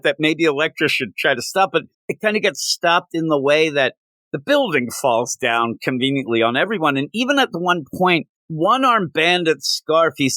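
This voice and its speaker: A man's voice: on the high side, dry recording. A man co-hosting a comic book review show, talking casually and rambling with frequent restarts. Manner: rambling, animated, with many restarts.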